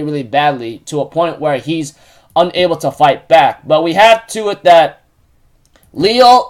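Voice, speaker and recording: A man casually recapping a show episode, halting often with fillers and restarts. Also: a little high. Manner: repeats stock phrases while retelling.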